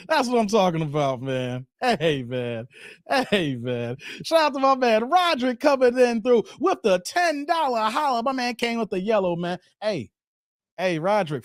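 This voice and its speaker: A man in his forties hosting a live reaction stream, animated and laughing, shouting out viewers by name. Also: high voice, dry recording, studio quality. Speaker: livestream host.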